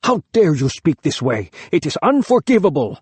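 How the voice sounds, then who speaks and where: A man's voice: fairly high pitch, sing-song, normal speed, a little mellow, breathy edge, no room sound, pitched above the performer's own voice, exaggerated voice. A man reading an audiobook, voicing a proud, cornered father who speaks clipped through clenched teeth. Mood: outraged. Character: proud, cornered father, angry then pleading.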